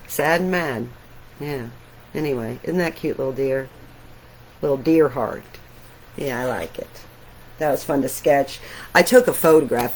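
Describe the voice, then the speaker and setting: A middle-aged woman, an artist, talking casually and reflectively while showing her sketches, with soft laughs now and then. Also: rumbling low, a little hiss or hum, low-quality recording.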